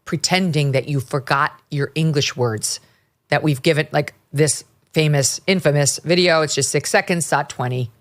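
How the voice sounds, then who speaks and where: A woman's voice: deep voice, moderate pace. A woman hosting a talk show, chatting with wry, sarcastic asides. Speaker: podcast host. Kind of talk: opinionated talk-show chat.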